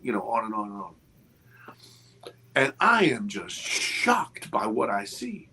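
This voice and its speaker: A man over fifty, an interview guest, telling a story with expressive, restarting speech. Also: on the low side, slow pace, slight background noise. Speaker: interview guest, film producer. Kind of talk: animated storytelling in a casual interview.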